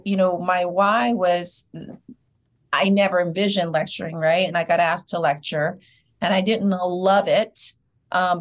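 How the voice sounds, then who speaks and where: A female dentist and educator talking in a casual interview, telling her story in a thoughtful, measured way. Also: lowish voice.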